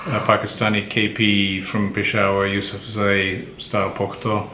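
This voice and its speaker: A man teaching pronunciation, explaining slowly and patiently and prompting his partner for examples. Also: lowish voice, little pitch movement, bright, forceful tone. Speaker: language teacher. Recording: echoey room with faint background noise.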